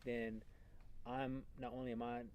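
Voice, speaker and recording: A man's voice: medium pitch, level tone, measured pace, darkish tone, slight background noise, rough recording. A man co-hosting a casual conversation, speaking reflectively and searching for his words. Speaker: podcast co-host.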